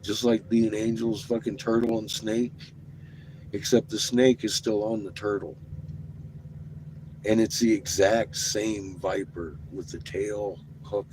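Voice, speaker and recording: An excitable man talks in a loose, rambling vlog, cursing freely and breaking into laughter. His voice sits a bit low. A steady noise runs under the recording, with the sound of a vehicle. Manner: excited, profane, laughing often. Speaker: vlogger. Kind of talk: rambling casual vlog talk. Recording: noisy, with vehicle ambience.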